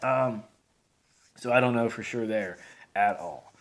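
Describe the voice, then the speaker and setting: A man's voice: mid-range voice, measured pace, fairly bright tone. A man reviewing a beer on camera in a rambling, folksy way, with lots of fillers and restarts. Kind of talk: casual video review.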